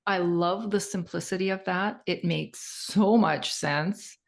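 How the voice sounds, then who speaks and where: Female interviewer, gravelly, lowish, approving tone. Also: slow. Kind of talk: interview chat.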